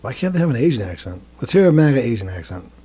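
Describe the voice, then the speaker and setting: A man co-hosting a podcast in casual chat, blunt and swearing, with short quick interjections. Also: mid-range voice, very animated, mellow, slightly rough. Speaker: podcast co-host.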